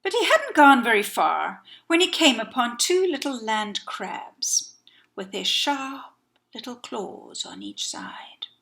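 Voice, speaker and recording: A woman storyteller telling a folktale by heart, expressive, with dramatic hushed whispers. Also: a little high, slow, creaky.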